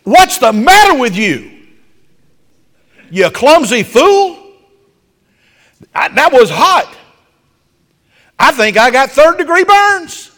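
A man preaching a sermon, acting out an angry husband shouting at his wife over spilled gravy, in a room with long reverb. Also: very high-pitched, big pitch swings, takes it slowly, long pauses, voice pushed up, full character voice. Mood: furious. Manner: shouting, indignant.

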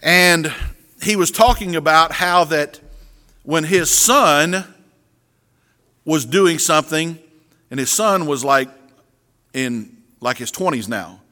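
Speaking slowly with long pauses, a middle-aged pastor preaches an earnest sermon in a high, bright male voice. His words echo with long reverb from a big hall, and he often doubles back on words as he restarts sentences.

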